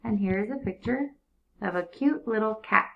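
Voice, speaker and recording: A woman teacher leading a young class through sounding out words, giving slow, clear, repeated cues. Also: mid-range voice, highs cut off. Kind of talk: early reading lesson for young students.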